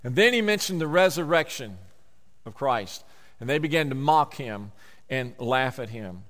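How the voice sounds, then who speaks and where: A man's voice: medium pitch, animated, a bit bright. Man preaching with hall reverb. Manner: emphatic preaching, slowing down on key words. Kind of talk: sermon.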